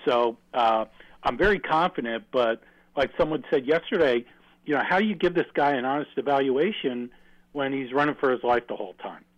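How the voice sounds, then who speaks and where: A man's voice: mid-range voice, animated, a little fast. Male radio caller on a dull phone line. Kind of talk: call-in on sports radio.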